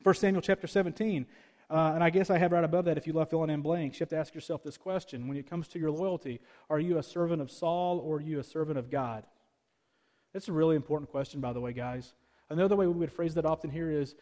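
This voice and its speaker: A man's voice: fairly high pitch, a little fast, a little mellow. A man in his thirties, a pastor preaching a sermon in a conversational, slightly snarky way, peppered with rhetorical questions. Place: large church hall. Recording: echoey church hall.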